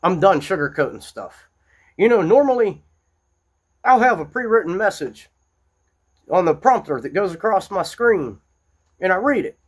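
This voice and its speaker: A man's voice: high-pitched, sing-song, normal speed, pauses often, slightly rough. A man hosting an unscripted, angry political monologue, blunt and repetitive, speaking from his small-town home. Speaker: political commentary host.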